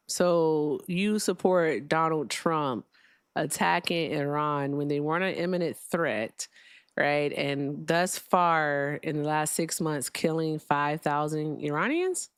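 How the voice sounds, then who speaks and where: A woman's voice: deep voice, takes it slowly, smooth, no echo, clean studio sound. A woman hosting a live call-in debate stream, joking, laughing and sarcastic with callers. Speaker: livestream host.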